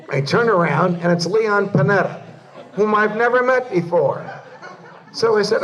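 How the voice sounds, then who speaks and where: A man's voice: high voice, normal speed, a bit bright, distant mic. A man from New Jersey giving a humorous storytelling speech to a live audience in an event hall, leading each anecdote to a punchline. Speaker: keynote speaker.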